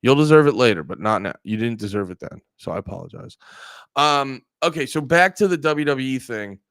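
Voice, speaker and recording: A man's voice: medium pitch, expressive, normal speed, creaky, a bit bright, clean tone, dry recording, studio quality. A man hosting a casual livestream, rambling and joking with frequent swearing while talking straight to his chat. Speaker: livestream host.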